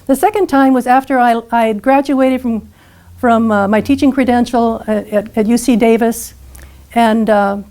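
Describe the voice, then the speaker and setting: Older woman, storytelling speaker, earnest and lively, slightly high voice. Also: moderate pace. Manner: earnest, animated retelling with acted dialogue. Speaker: speaker telling her life story. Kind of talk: personal storytelling talk.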